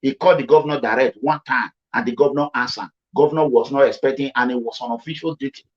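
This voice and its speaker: A man from Edo State with a Nigerian accent, giving emphatic commentary and repeating himself for stress. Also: quick pace. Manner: repetitive, emphatic, swings between low and high pitch. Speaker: commentary vlogger. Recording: dull lo-fi sound.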